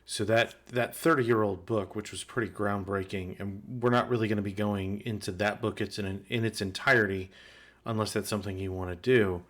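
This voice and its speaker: Male podcast host, low voice, relaxed conversational delivery. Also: normal speed. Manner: conversational, thoughtful, occasional repeated words. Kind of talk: podcast interview.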